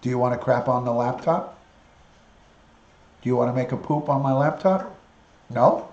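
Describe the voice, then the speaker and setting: A man's voice: medium pitch, normal speed, pauses often, a little mellow, muffled recording. Chatty man live-streaming, echoey room. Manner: chatty, talks to viewers and coaxes his parrot. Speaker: live-stream host with a parrot. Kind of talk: casual live-stream chat.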